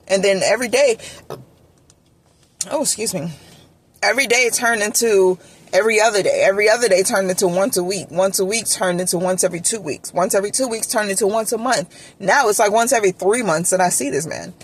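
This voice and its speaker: Woman, candid storytime vlog, chatty, "like" and "you feel me" fillers, mid-pitched voice, car traffic noise audible. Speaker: vlogger telling a relationship story.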